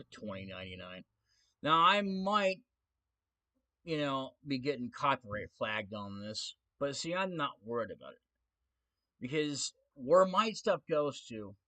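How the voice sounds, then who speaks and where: A man's voice: fairly low pitch, sharp tone. A man ranting on his own stream in a casual way, sarcastic, defiant and mocking.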